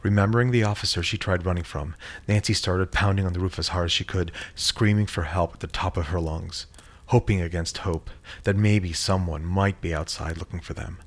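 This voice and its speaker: A man reading a horror story in a measured, dramatic storytelling manner. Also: low voice, fairly even intonation. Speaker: narrator. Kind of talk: scripted horror story narration.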